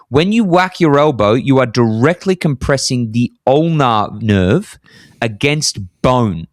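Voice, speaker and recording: A man, telling a lively story in casual podcast chat, his voice leaping up high for emphasis. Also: no echo, studio quality. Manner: animated, jumps high in pitch for emphasis. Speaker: podcast co-host. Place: apartment in Scotland.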